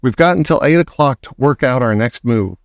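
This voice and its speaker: A man's voice: mid-range voice, animated, fairly quick, no echo, natural voice. A man reading aloud and voicing a loving, protective old grandmother who speaks fondly and dotingly. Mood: brisk. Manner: fond, doting.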